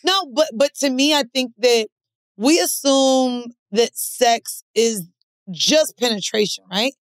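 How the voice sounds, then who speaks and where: A woman's voice: fairly high pitch, slow, clear, resonant tone, no echo. A woman co-hosting a podcast, chatting in a blunt, playful, teasing way. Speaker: podcast co-host. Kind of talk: casual chat.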